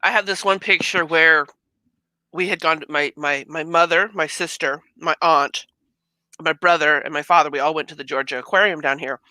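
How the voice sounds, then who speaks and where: A woman from California chats as a guest, telling long, rambling family stories. Her voice sounds bright and forward, and the recording is dry and close, with no room echo. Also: low voice, steady tone, normal speed. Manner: chatty, rambling anecdotes. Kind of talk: casual chat.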